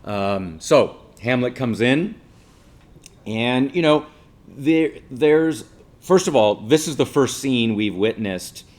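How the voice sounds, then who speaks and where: A man's voice: medium pitch, lively intonation, takes it slowly. A male teacher giving a casual classroom lecture, explaining patiently and checking in with listeners by asking 'right?'.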